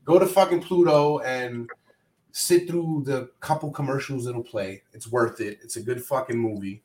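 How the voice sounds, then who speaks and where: A man hosting a casual podcast chat over a video call, talking loosely and with a lot of swearing. His voice sits at an ordinary pitch for a man. It rings in a roomy space with a faint hiss behind it. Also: moderate pace, a little mellow. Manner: loose, profane, joking. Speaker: podcast host. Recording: roomy echo, faint noise.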